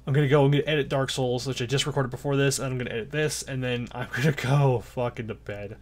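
A man's voice: mid-range voice, steady tone, quick pace. A man commentating his own gameplay, chatty and out of breath, muttering orders and counting under his breath. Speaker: gaming YouTuber. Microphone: desk mic with face cam.

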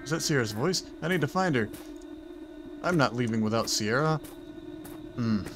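A man's voice: medium pitch, animated, normal speed, background noise. A man doing horror game commentary, talking to himself with wry, joking asides. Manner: talks to himself, wry and jokey. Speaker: gaming channel host.

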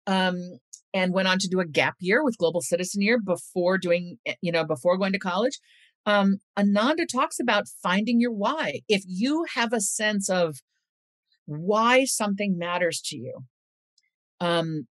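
A woman's voice: fairly low pitch, no room sound. A middle-aged woman author talking earnestly in an interview and reading a passage aloud in a storyteller's cadence. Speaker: author and guest.

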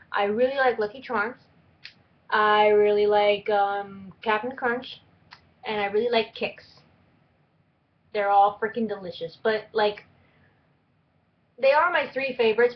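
A young woman talks casually to her camera in a middle-pitched voice, rambling through a list of questions with plenty of fillers. The audio is a bit dull and lo-fi, like a home video recording. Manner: chatty and rambling, with frequent fillers. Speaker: vlogger. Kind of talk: casual tag video chat.

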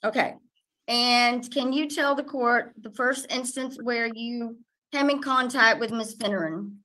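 A woman with a fairly high voice questions a witness in court. She asks each question in a measured, formal way. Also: steady tone, pushed and bright, poor audio.

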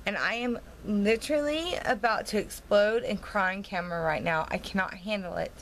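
A woman's voice: medium pitch, normal speed, a bit bright, slight background noise, poor audio. A woman vlogging at home and in her yard, tipsy and slightly slurred from wine, rambling and venting her frustration. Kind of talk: casual vlog monologue.

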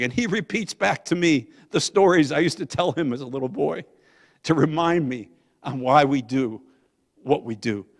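An older man, a guest pastor, telling a family story in a sermon, swinging from loud to hushed. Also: medium pitch. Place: church sanctuary. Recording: long church hall reverb.

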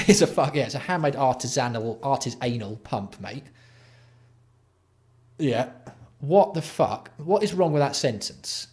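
A man's voice: medium pitch, lively intonation, a little slow, darkish tone. Sweary, exasperated man ranting. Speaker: livestream host. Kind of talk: casual live-stream commentary.

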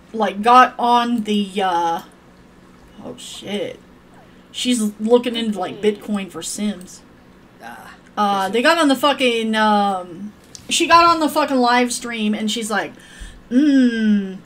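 While streaming a game, a woman rambles casually to her viewers and swears crudely at her characters. Her voice is medium-pitched and a bit bright.

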